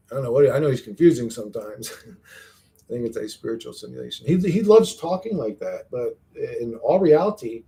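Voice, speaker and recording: A man with a mellow, medium-pitched voice hosts a casual livestream, reading chat and talking loosely with viewers. He rambles, swears a lot, and repeats words as he begins sentences.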